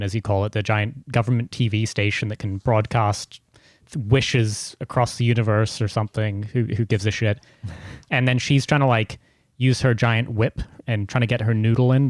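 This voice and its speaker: A man's voice: fairly low pitch, no room sound, studio quality. A man chatting on a podcast in a sardonic, rambling way, swearing freely as he picks things apart. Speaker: podcast co-host. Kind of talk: casual podcast chat.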